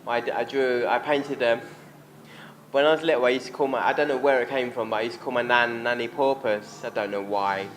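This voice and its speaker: A man's voice: medium pitch, fairly even intonation, fairly quick. A man from England chatting casually as a convention panel guest, rambling and laughing as he acts out family voices. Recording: echoey hall, noisy crowd room.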